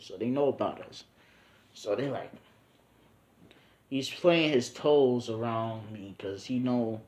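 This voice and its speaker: A young man with a fairly low, dark voice casually tells a made-up adventure story as fan fiction. He rambles with slang and many ums, and the recording has a roomy echo.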